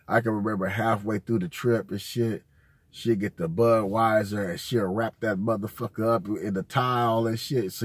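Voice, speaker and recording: A man's voice: medium pitch, breathy edge, dry recording. A man, host of his own channel, telling casual, rambling, profane stories full of slang. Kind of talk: casual storytelling.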